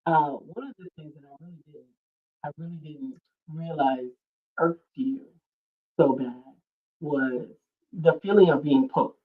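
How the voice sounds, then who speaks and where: A woman chatting with her husband, quick to agree and to laugh. She sits a little away from the mic, and her voice comes through dull and lo-fi. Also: sits low, breathy edge, far from the mic. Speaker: co-host. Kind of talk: casual chat.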